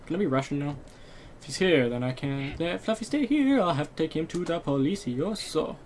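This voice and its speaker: A man's voice: a little high, expressive, fairly quick, a little mellow, slight background noise. A young man giving casual, joking commentary over a horror game, often swearing. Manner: joking, playacting, swears a lot. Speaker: gamer. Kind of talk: casual let's play commentary.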